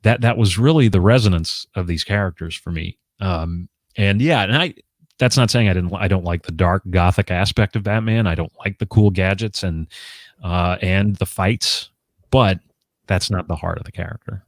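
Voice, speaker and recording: Deep-voiced man rambling as host. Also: moderate pace, dry recording, studio quality. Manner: rambling, with many restarts and filler words. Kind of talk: casual conversation about comics.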